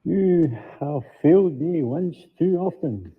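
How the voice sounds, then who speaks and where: A man with a Scottish accent doing a Darth Vader impression in a listener's audio bumper, slow and threatening, through a tinny phone-like recording. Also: on the high side, expressive, slightly rough, full character voice. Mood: menacing. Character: Darth Vader impression, menacing male dark lord.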